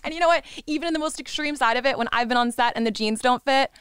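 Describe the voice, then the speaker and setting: A woman's voice: high voice, quick pace, a bit bright, clear, resonant tone, no room sound, studio quality. A young adult woman guest on a podcast, chatting casually and candidly, swearing freely and acting out quotes. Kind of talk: casual chat.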